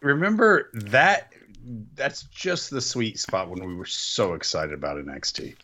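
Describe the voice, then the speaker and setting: A man's voice: lowish voice, wildly swooping pitch, measured pace, sharp tone. A man co-hosting a casual podcast, making joking, playful asides. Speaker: podcast co-host. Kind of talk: casual chat. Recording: dull lo-fi sound.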